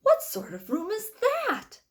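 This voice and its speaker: A woman's voice: extremely high pitch, huge pitch swings, slow pace, voice pushed up, exaggerated voice. A woman doing a curious young boy. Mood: wondering.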